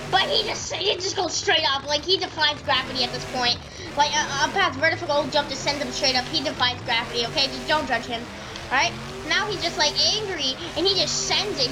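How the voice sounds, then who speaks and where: High-voiced woman hyping a comedic narration. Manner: rambling, hyped, slangy. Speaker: game video narrator. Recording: noisy with engine sounds.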